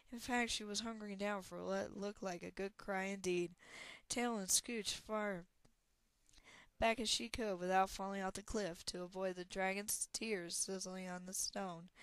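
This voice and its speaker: A woman's voice: medium pitch, dry recording. Woman reading a storybook aloud. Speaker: narrator. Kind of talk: audiobook reading.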